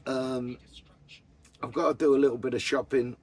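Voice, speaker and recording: A man's voice: mid-range voice, little pitch movement, moderate pace, a little mellow, husky. A man chatting casually to camera about his camper van, blunt and full of swearing. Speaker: vanlife vlogger.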